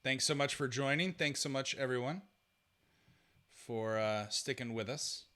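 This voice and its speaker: A man's voice: medium pitch, a little slow, pushed and bright. A man hosting a live-streamed podcast, chatting casually and sorting out technical trouble aloud. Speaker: podcast host.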